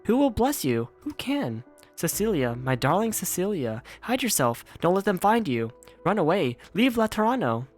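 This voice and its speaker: Guy putting on a soft dying mom, coughing, slow and tender, voice rising and falling a lot. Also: high-pitched, sing-song, faint music behind, voice pushed up. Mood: tender, mournful. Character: dying gentle mother, weak and coughing.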